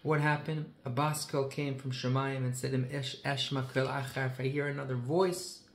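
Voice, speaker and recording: A man's voice: medium pitch, fairly even intonation, moderate pace, gravelly, hardly any pauses. A man speaking as a rabbi, telling a story with emphasis and weaving in Hebrew and Yiddish phrases. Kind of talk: heartfelt storytelling talk. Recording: echoey room with faint ambient noise.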